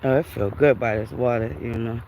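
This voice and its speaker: A woman's voice: very deep voice, brisk, slight background noise. A woman chatting and laughing with viewers on a livestream while walking outdoors by a river, a bit winded from the heat. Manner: chatty, animated, laughs often, talks to viewers as Buttercups. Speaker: livestream host. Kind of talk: casual walking livestream chat.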